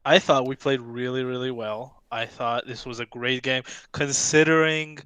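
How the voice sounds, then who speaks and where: A man calling into a fan stream to share his match verdict with keen, opinionated enthusiasm. His voice is smooth and clear, recorded dry and close. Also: medium pitch, steady tone, moderate pace, fairly bright tone, dry recording. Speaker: guest fan. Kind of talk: casual match analysis.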